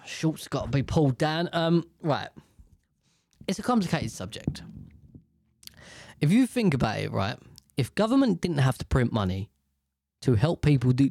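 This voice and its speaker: A man's voice: a little high, warm tone, no room sound, clean studio sound. A British man from the UK in a casual, rambling monologue, swearing freely and airing strong opinions. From United Kingdom.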